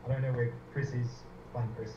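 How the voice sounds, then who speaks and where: A man co-hosting a live stream who rambles excitably and swears freely in casual banter. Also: mid-range voice, brisk. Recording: echoey, dull, noisy remote audio.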